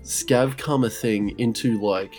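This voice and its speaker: A man's voice: mid-range voice, takes it slowly, a little mellow, faint music behind. Laid-back sweary man. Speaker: podcast co-host. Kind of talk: casual chat.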